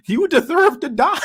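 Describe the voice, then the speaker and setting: A man's voice: extremely high pitch, a bit bright, voice pushed up, exaggerated voice. A man doing an impression of a preachy, scolding older male lecturer, drawn out and mocking.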